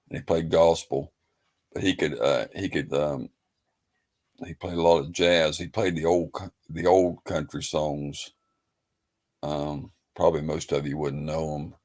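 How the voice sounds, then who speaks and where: A man hosting a livestream, talking in a rambling, folksy, laid-back way. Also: a bass voice. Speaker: livestream host. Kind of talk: casual livestream chat.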